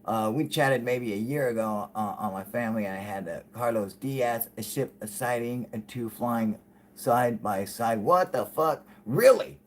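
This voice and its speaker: A man hosting a live stream, chatting casually and rambling with lots of swearing, saying he is high. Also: unhurried, a little hiss or hum. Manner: profane, rambling, laughing often. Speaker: host.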